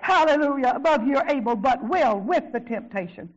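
Fervent older woman preaching, high voice. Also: lively intonation, lo-fi sound. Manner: swings from shouted, drawn-out praise to low, quiet asides; fervent, repeats exclamations of praise. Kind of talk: sermon.

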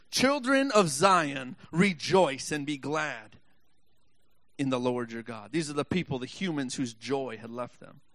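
Bright-voiced preacher, dry close sound. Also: male voice, mid-range voice, no room sound. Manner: reads scripture slowly, then builds to impassioned shouting; joking asides to the congregation. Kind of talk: sermon.

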